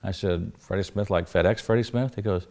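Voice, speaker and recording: A man's voice: sits low, a little fast, a little mellow. An older man telling anecdotes in an interview, folksy and wry, chuckling through his punchlines. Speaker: interview guest. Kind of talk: anecdotal storytelling.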